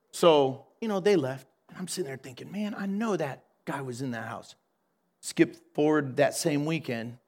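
A man preaching as a pastor, telling a story animatedly, acting out the dialogue and laughing along. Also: on the high side. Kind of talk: storytelling sermon.

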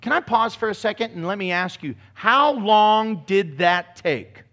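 A male pastor delivering a lively sermon with a fairly high voice. He acts out voices and slips into mocking impressions as he preaches. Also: measured pace.

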